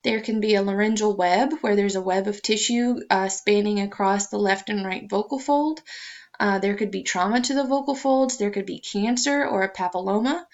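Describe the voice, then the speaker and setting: A woman's voice: mid-range voice, moderate pace. A woman lecturing to students in an explanatory way, with frequent ums and uhs, on a dull lo-fi recording.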